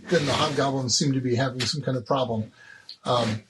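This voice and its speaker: A man narrating as game master, halting with fillers, over noisy binaural recording. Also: mid-range voice, fairly even intonation. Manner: halting, many fillers and restarts while narrating.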